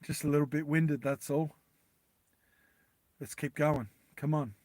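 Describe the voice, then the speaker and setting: A man's voice: fairly high pitch, fairly even intonation, a little slow, a little mellow, dry recording, natural voice. A man voicing a wounded tough soldier who plays down his pain and rallies his team. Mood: rallying. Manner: brushing off pain, rallying the team.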